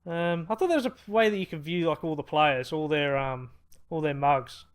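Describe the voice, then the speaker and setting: A man's voice: fairly high pitch, fast, a bit bright. A man hosting a baseball management let's-play, talking in a rambling, casual way with many fillers and restarts, elated. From Australia.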